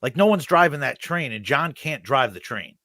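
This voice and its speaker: A man's voice: medium pitch, expressive, normal speed, bright, forceful tone, no room sound, studio quality. A man chatting bluntly on a podcast, giving strong opinions. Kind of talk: casual podcast chat.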